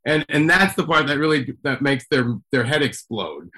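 A man chatting casually as a guest, telling stories in an animated way with lots of fillers and the odd swear word. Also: medium pitch, moderate pace. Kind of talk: casual chat.

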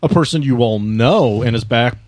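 A man's voice: mid-range voice, normal speed, darkish tone, dry recording. A man running a tabletop game as game master, playful and encouraging with his players. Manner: playful and encouraging, laughs easily.

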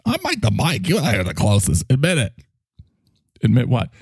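A man's voice: mid-range voice, wildly swooping pitch, a little fast, breathy edge, no echo, studio quality, voice pushed up, exaggerated voice. A man voicing Mike, a needy, jealous talking microphone with a whiny, clingy, sarcastic manner.

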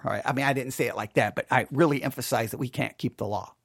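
A man's voice: mid-range voice, fast, creaky, hardly any pauses, slightly rough, dry recording, clean studio sound. A man preacher retelling a funeral sermon he gave, earnest and emphatic, often restarting his sentences.

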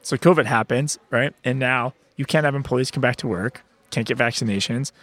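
A man's voice: mid-range voice, normal speed, a bit bright, no room sound. A man hosting an interview, asking conversational questions. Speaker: podcast host.

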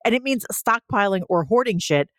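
A woman co-hosting a podcast in casual chat, chatty and laughing often, with animated asides. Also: mid-range voice, normal speed, dry recording, clean studio sound. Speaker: podcast co-host.

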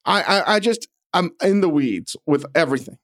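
Animated, cursing man ranting on a podcast. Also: a little high, normal speed, slight background noise. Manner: animated, profane, comically exasperated ranting. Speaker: podcast co-host. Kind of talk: casual podcast banter.

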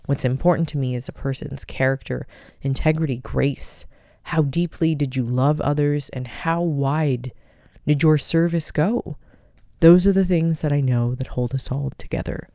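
Woman podcast host, soft heartfelt talk, gravelly edge, mellow dark tone. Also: deep voice, moderate pace, dry recording, studio quality.

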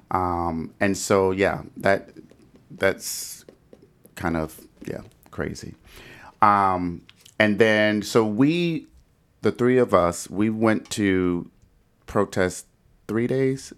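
A man co-hosting a discussion podcast, speaking in an earnest, measured and reflective way. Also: lowish voice, clear, resonant tone. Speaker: podcast co-host.

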